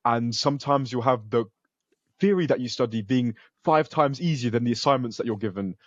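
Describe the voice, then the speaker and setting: A man's voice: mid-range voice, fairly quick, no room sound, highs cut off. A young man from the UK, a computer science student, talking earnestly and confidently as an interview guest, often restarting his sentences. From United Kingdom. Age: young adult. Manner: earnest, self-assured, frequent restarts. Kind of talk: casual interview over a call.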